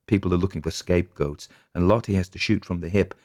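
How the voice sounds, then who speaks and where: A tired, blunt husband grumbles about the world in a deep, gravelly voice, as a man reads him in a storybook. The sound is close and dry. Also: fast talker, a little mellow, dry recording. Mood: grumbling. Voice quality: gruff and grumbling. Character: weary, blunt middle-aged farmhouse husband.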